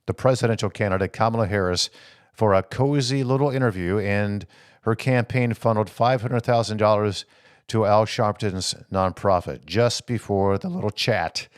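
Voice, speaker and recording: A man with a fairly low voice hosts a political talk show. He talks in an animated way, throws out rhetorical questions and reads viewer comments aloud before answering them. The sound is dry, with no room echo. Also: moderate pace, clean tone. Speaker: host.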